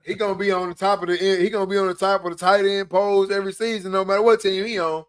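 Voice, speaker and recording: A man's voice: high voice, level tone, fast talker, clear, resonant tone. A man co-hosting a podcast, talking sports in a blunt, joking way. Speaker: podcast co-host. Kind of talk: casual sports talk.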